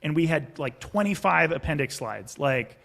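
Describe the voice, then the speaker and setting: Brief: man, founder guest, animated storyteller who acts out both sides, slightly higher voice. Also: moderate pace, vocal fry. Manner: animated, acts out investor and founder lines, swears casually. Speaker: podcast guest, startup founder. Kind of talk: casual explanatory interview talk.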